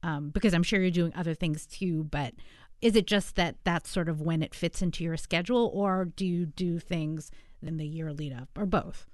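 Woman interviewer on the radio, pretty low voice, calm questions, dry studio. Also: no echo. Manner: measured, attentive questions.

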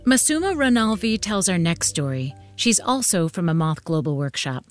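Casting: woman host, lower voice, composed scripted intro over faint music. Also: sing-song, normal speed. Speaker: podcast host.

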